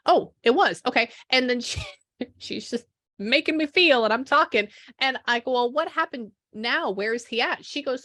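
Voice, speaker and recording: A woman psychic medium recounting a reading to a client in lively back-and-forth, acting out the dialogue she quotes. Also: a little high, normal speed, dry recording, clean studio sound. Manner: animated, acts out quoted dialogue, frequent "I go, she goes". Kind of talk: relaying a spirit reading to a client.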